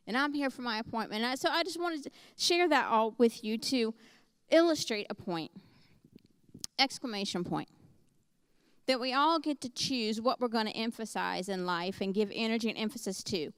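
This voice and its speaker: A middle-aged woman preaching a sermon, telling a story in a lively, conversational way. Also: fairly high pitch, clean tone, no echo.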